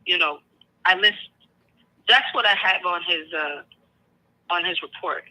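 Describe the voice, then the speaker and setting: A woman calling in by phone, hesitant and halting as she searches for words. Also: on the low side, pushed and bright. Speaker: caller. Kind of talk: phone call. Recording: tinny phone line.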